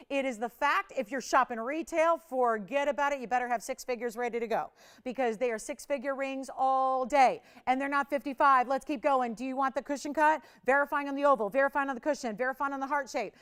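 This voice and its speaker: A woman hosting a live TV shopping show, pitching with urgent countdowns and chatty, confiding asides from a studio. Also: a bit bright. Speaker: shopping channel host.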